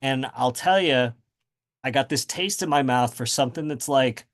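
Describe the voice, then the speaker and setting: A man's voice: mid-range voice, moderate pace. Rambling man with lots of ums. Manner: rambling, many fillers and restarts. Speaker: guest author. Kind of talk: casual interview chat.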